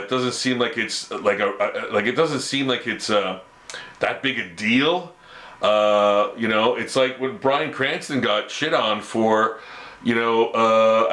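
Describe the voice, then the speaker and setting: A man's voice: medium pitch, sharp tone, roomy sound. A Canadian man ranting his opinions to camera, rambling and stammering through restarts. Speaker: vlogger.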